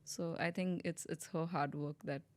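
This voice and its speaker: A woman's voice: deep voice, normal speed, no echo. A young woman from India, a podcast guest, telling her life story in casual chat and acting out the voices of the people in it. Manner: animated storytelling, acts out quoted voices.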